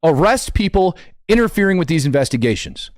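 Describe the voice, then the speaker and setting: A man's voice: fairly high pitch, big pitch swings, brisk, no echo, clean studio sound. A man hosting a political commentary show, talking bluntly and with indignation as he reacts to clips. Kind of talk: opinionated live commentary.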